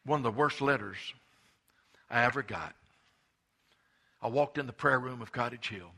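A middle-aged man preaching a sermon, telling stories and swinging between hushed asides and impassioned emphasis. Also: mid-range voice, moderate pace, creaky. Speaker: pastor.

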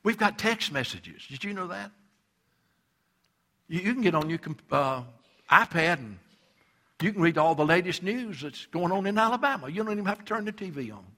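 A man's voice: high voice, lively intonation, normal speed, a bit bright. A male pastor preaching a sermon, emphatic and repetitive, acting out quoted voices.

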